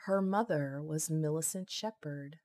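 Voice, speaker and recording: A woman's voice: deep voice, a little slow, dark tone, dry recording. A woman reading the lines of a wry, hard-drinking woman official in an audiobook, dry and matter-of-fact.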